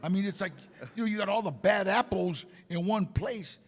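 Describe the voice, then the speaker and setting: An older man telling stories in an interview, animated and acting out the voices of people he quotes. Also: high voice, normal speed, long reverb tail. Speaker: interview guest. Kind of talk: casual storytelling.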